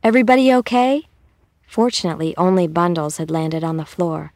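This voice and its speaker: A woman reading a children's story aloud in a calm, measured way. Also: deep voice, gravelly, dry recording. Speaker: narrator.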